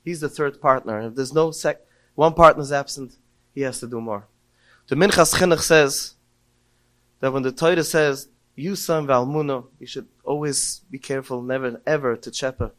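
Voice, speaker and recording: A middle-aged man giving a heartfelt Torah talk, telling stories and rising to emotional cries when quoting prayers. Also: mid-range voice. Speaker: podcast speaker.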